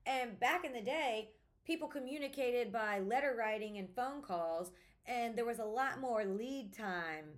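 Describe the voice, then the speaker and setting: A woman, hosting a casual podcast monologue and talking candidly with lots of swearing. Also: on the high side. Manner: candid, profane, animated storytelling. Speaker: podcast host, attorney.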